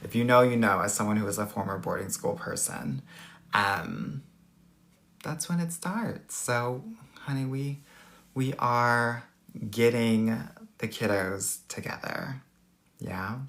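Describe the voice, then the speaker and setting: A man's voice: mid-range voice, expressive, slow, a bit bright. A middle-aged man with a Valley Girl accent, a dating coach chatting sassily and campily with viewers on a live stream. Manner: sassy, campy, playful. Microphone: phone or laptop mic, livestream.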